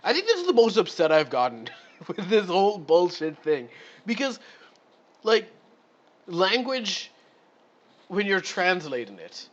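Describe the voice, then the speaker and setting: A man's voice: high voice, wildly swooping pitch, unhurried, pauses often, muffled recording. Exasperated man ranting on a live stream. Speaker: streamer reading a module. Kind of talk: live read-through with commentary.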